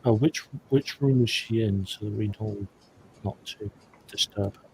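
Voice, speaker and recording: A man's voice: fairly low pitch, measured pace, darkish tone, slight background noise, poor audio. Stammering man playing a tabletop game. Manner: stammering restarts, joking asides. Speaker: player. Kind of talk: casual tabletop play.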